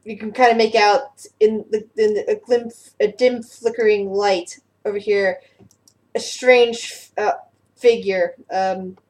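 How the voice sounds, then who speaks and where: A woman's voice: mid-range voice, darkish tone, low-quality recording. A woman running a tabletop game as game master, describing scenes with many fillers and restarts.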